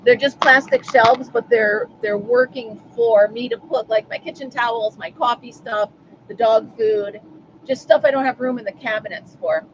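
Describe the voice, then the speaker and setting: A woman's voice: fairly high pitch, animated, normal speed, highs cut off, a little hiss or hum. A woman hosting a casual live stream from home, chatting and answering viewers by name. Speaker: livestream host.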